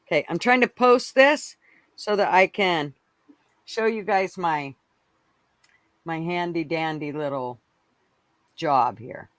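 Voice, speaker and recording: A woman's voice: fairly low pitch, slow pace, pauses often, dry recording. A woman chatting casually as a guest on a live stream, eagerly showing and explaining her work. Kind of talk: casual show-and-tell.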